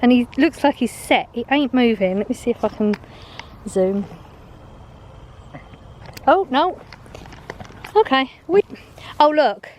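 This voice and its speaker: A woman's voice: high voice, animated, slow, pauses often, darkish tone, slight background noise. A woman vlogging while walking her dogs outdoors, chatting in a rambling way, laughing often and a little out of breath, filmed on a handheld phone. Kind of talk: rambling chatty vlog on a dog walk. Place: outdoors on a walk.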